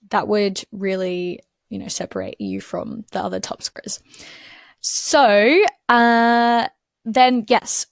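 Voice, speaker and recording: A woman's voice: mid-range voice, creaky, dry recording. A young Australian woman tutoring in a casual screen-share lesson, chatty, with many fillers and restarts.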